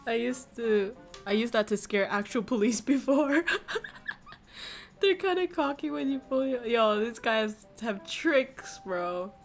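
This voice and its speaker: A woman's voice: a little high, lively intonation, slow pace, creaky, pauses often, faint music behind. A woman streamer in casual chat who laughs often and swears casually.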